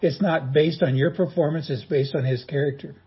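A male pastor delivers a sermon in a folksy, joking storytelling way. His voice sits a little high and is deeply husky and rough. The recording sounds dull and lo-fi. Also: steady tone, brisk.

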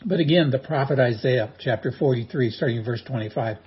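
Husky-voiced pastor preaching a sermon. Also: male voice, mid-range voice, a little fast, muffled recording. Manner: folksy, humorous storytelling.

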